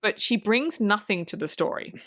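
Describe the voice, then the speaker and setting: A woman's voice: mid-range voice, animated, moderate pace, a bit bright. A woman co-hosting a casual film review podcast, bluntly retelling scenes and swearing freely. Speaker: podcast co-host.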